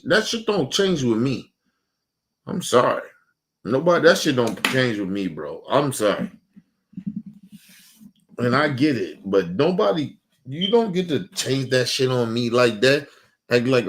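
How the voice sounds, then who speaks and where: Guy with aave going off in a heated profane rant, keeps circling back, mid pitch. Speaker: show host. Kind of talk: casual ranting monologue.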